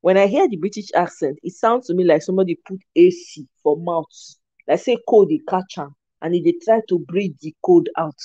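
Animated Nigerian woman, laughing often. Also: fairly low pitch, a little fast, no room sound, lo-fi sound. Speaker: host. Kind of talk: casual commentary reading viewer comments.

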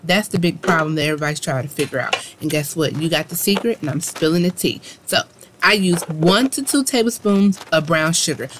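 A woman's voice: on the low side, slight background noise. A woman hosting a home cooking video, chatty and encouraging as she talks viewers through each step in her kitchen. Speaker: cooking channel host. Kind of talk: casual cooking demonstration. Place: home kitchen, food frying in pan.

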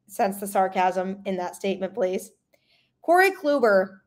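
A woman's voice: mid-range voice, very animated, unhurried. A young adult woman hosting a sports podcast, giving casual, opinionated commentary with sarcastic asides. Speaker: podcast host.

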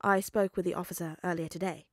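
A woman reading a fan story aloud, voicing a calm, controlled male FBI agent who speaks gently and evenly. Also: lowish voice, no room sound, clean studio sound, natural voice. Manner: gentle and measured.

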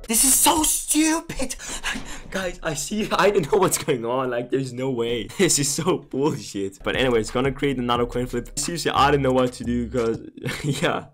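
An excitable young man chats with his viewers over his gaming session, often exasperated, laughing, and cheering himself on. His voice sits at an ordinary pitch for a man and sounds close to a desk microphone. Faint music plays under his talk. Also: moderate pace. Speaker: gambling streamer. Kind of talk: casual gaming commentary.

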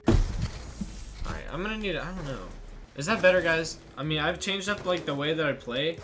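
A man's voice: fairly high pitch, lively intonation, moderate pace, background noise. A young man telling a gaming story as a channel host, rambling casually with lots of fillers. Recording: music playing behind.

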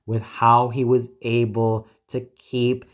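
A man giving a scripted opera review in a measured, opinionated way, carefully listing singers and roles. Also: mid-range voice, flat delivery, muffled recording.

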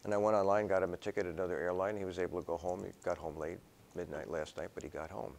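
A man's voice: deep voice, fairly even intonation, racing, creaky, a little mellow, slight background noise. Rambling lecturing professor, man. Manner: conversational, rambling into personal stories; acts out dialogue in quoted voices. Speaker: philosophy professor. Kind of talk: classroom lecture. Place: classroom.

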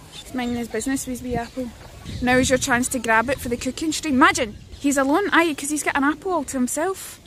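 A young Scottish woman with a high voice chats excitedly to birds and her viewers while she walks through a park. She streams on a handheld phone, so there is clear noise behind her voice outdoors. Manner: chatty and excitable, talking to birds and chat. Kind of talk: casual outdoor stream chat.

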